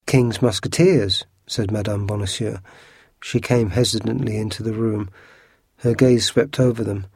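Brief: male narrator, mellow dark tone, a bit breathy, expressive storybook reading. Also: on the low side, moderate pace, no echo, clean studio sound.

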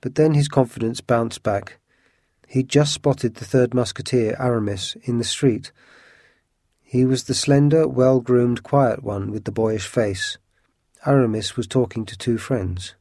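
A man reading an adventure story aloud as an audiobook in a steady, measured voice. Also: mid-range voice, no echo, studio quality. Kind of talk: audiobook narration.

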